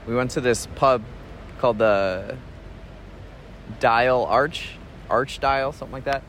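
A man's voice: medium pitch, a little hiss or hum. Laid-back man musing outdoors. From United States. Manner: relaxed and reflective, rambling with restarts and soft chuckles. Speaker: podcast host. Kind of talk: casual spoken travel diary.

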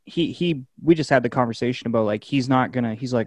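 A man chats loosely on a podcast, circling back on himself and stressing his points. His voice is mid-pitched and sits very dry and close to the mic. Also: fast talker, darkish tone, dry recording. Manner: rambling, emphatic, swears casually. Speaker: podcast host. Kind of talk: casual chat.

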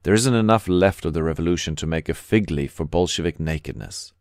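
A man's voice: low-pitched, brisk, a little mellow, no echo, clean studio sound. A man voicing a bitter, emphatic pessimist in an audiobook, speaking with scorn. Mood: scornful.

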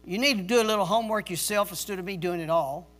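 A man's voice: high voice, fast talker, fairly bright tone, soft background music. A male pastor preaching a sermon in a stern, emphatic way, repeating key words for stress like a drill sergeant. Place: church service.

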